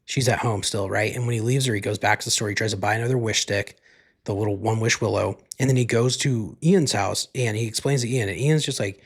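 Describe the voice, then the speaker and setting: A man's voice: on the low side, fairly quick, husky. A man hosting a solo podcast, rambling casually through a movie recap and swearing freely. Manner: laid-back, rambling, leans heavily on "like" and swears freely. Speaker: podcast host.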